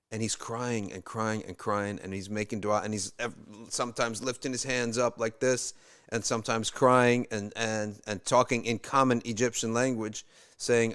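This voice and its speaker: A man's voice: fairly low pitch, flat delivery, moderate pace, fairly bright tone, clean tone. A male religious teacher telling a story in a casual, conversational way, with asides and restarts. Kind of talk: storytelling talk.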